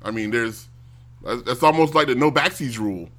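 Guy ranting on stream, really bright voice, gets loud and mocky. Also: medium pitch, normal speed. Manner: animated, mocks others in loud exaggerated voices. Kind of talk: casual ranting commentary.

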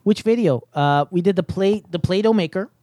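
Using a headset mic with no echo, a woman hosts a casual podcast in a mellow, medium-pitched, slightly fast voice. She rambles with plenty of fillers and restarts.

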